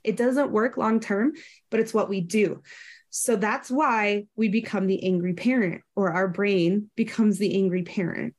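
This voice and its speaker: A woman's voice: mid-range voice, a little slow, darkish tone. Woman explaining in casual chat. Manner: explanatory, acts out quoted voices in passing.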